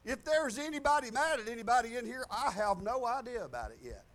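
A pastor preaching a folksy sermon to his congregation, moving between loud declarations and quiet asides. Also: very high-pitched, expressive, fairly quick. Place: church sanctuary.

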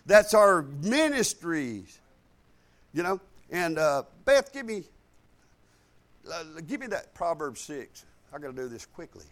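A male pastor preaching a live sermon, rising loud and high on key points and dropping to quiet asides, with frequent repeated words. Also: big pitch swings, unhurried.

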